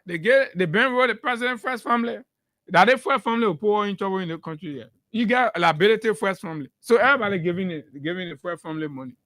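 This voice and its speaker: A man's voice: sits high, quick pace, sharp tone, no echo, clean studio sound. A man with a Liberian accent giving heated, emphatic political commentary on a morning talk show, repeating phrases for force.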